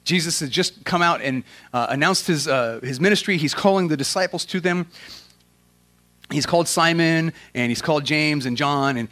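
A man preaching with a slightly high voice, mixing casual slang into his sermon. He swings from loud, emphatic questions down to quiet, earnest prayer. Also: normal speed. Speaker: pastor.

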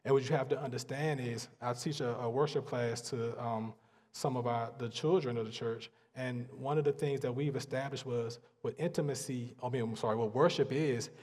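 A man preaching a sermon, earnest and emphatic, pausing and repeating phrases to drive points home. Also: medium pitch, steady tone, darkish tone. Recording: long hall reverb.

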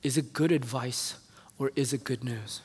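In a church sanctuary with the long reverb of a hall, a male pastor preaches a sermon, earnestly telling a personal story and pressing his church with heartfelt appeals. His medium-pitched voice is darkish and slightly rough, at normal speed.

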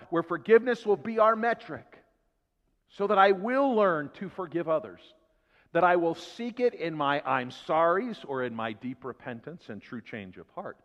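A man preaches in a church sanctuary with a fairly high voice. He rises into loud emphatic lines and drops to hushed asides. The sound is dull and lo-fi, with a long hall reverb. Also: lively intonation, normal speed. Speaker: pastor. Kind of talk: sermon.

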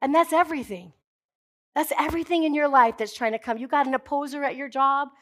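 A woman pastor preaching a sermon to her congregation, emphatic and building to forceful declarations, with jokey asides. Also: sits high, a little fast.

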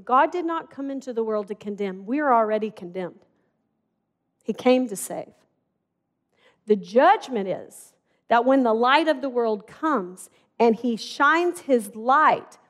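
A middle-aged woman preaching a sermon in a conversational, storytelling way. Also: fairly high pitch. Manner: conversational, animated storytelling with acted-out dialogue.

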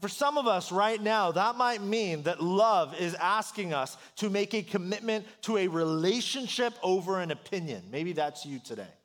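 Animated high-voiced pastor preaching. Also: male voice, moderate pace, few pauses. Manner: conversational, animated storytelling with rising emphasis. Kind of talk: sermon.

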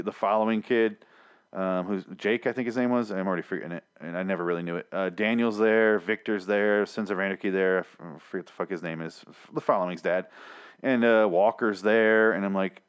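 A man's voice: on the low side, smooth. A man recapping a TV episode in a casual, profane, exasperated rant, mocking the characters in put-on voices. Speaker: TV episode reviewer.

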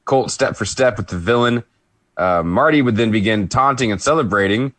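Male co-host with a lower voice, easygoing play-by-play recap, dry room. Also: normal speed, a bit bright, dry recording. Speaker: podcast co-host.

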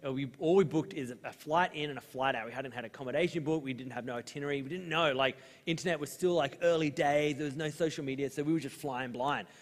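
A young Australian man preaching in a casual, chatty storytelling way, his voice sitting a little higher than most men's. The sound trails off into the long reverb of a large church hall. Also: fast, hardly any pauses. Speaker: pastor. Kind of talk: sermon.

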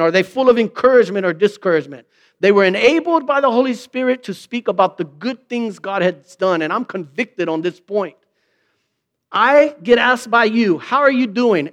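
A man's voice: sits high, a bit bright. A man preaching a sermon in a conversational way, asking rhetorical questions and acting out quoted remarks in mock voices. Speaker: pastor.

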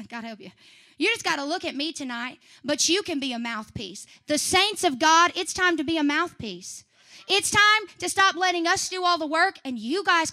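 A woman's voice: sits high, sharp tone. Fiery young woman preacher with a Missouri twang. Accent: Southeast Missouri twang. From Southeast Missouri, USA. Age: 20s. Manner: fiery, repetitive and urgent, with emphatic rising appeals. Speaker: preacher at a youth service. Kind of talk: Pentecostal sermon.

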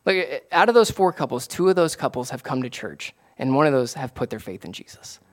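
A man, a pastor, preaching a casual, conversational sermon that rises to excited emphasis. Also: medium pitch, brisk. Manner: animated, rising to excited emphasis.

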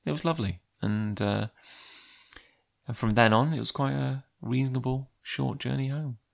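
A man's voice: medium pitch, steady tone, moderate pace, vocal fry. A man telling a personal anecdote in a chatty, rambling way with lots of fillers. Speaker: comic creator. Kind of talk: casual personal storytelling.

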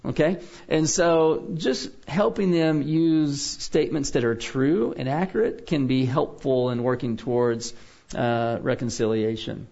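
A man teaches a biblical counseling class in a relaxed lecture style, frequently checking in with listeners by asking "okay?". He has an unhurried, mid-range voice with vocal fry, and the recording is muffled.

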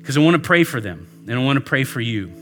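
A man's voice: medium pitch, big pitch swings, fast talker, fairly bright tone, faint music behind. A man preaching a sermon, telling a story earnestly and leading a prayer. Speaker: pastor.

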